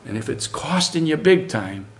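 A middle-aged preacher gives a sermon at a moderate pace, his pitch bouncing about with lively energy. He's earnest and animated, often turning to the congregation with rhetorical questions, and a slight hiss or hum sits in the background.

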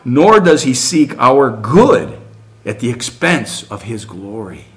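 This middle-aged preacher moves slowly through his sermon, yet his pitch rises and falls with real energy. Earnest and animated the whole way, he keeps putting rhetorical questions to the congregation.

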